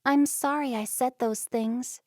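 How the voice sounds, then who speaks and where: Lady reading as a headstrong young amish girl, high and pleading, slow, dry sound. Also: fairly even intonation, a little mellow, dry recording. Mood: upset.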